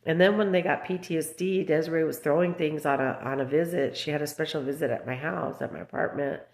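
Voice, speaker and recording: A woman's voice: deep voice, fairly even intonation, quick pace. A woman in her thirties ranting in a casual vlog about her children, agitated and rambling with lots of fillers. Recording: roomy echo.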